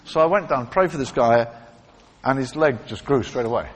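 A man's voice: medium pitch, normal speed. A man preaching, telling healing stories in a conversational way and acting out the people he quotes. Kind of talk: sermon with testimony stories. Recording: reverberant hall with faint ambience.

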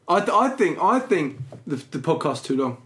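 Cheeky man, lively high voice. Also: moderate pace. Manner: cheeky, blunt, swears, laughs. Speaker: guest, co-host's younger brother. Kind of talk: casual comedic chat.

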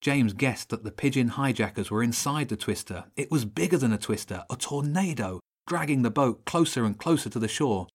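A man's voice: medium pitch, husky. Man narrating a children's audiobook. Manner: steady, measured storytelling.

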